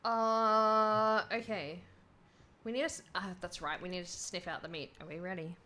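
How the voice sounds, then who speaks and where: A woman's voice: fairly low pitch, a little fast, fairly bright tone, a little hiss or hum. Playful young woman streamer. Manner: playful, reads game text aloud with quips. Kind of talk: casual game playthrough commentary.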